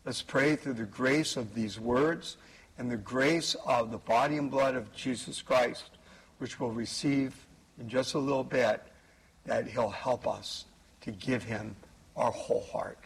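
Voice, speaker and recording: Slow, husky priest giving a homily. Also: male voice, mid-range voice, low-quality recording. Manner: slow, measured preaching with pauses and emphasis. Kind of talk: homily at Mass.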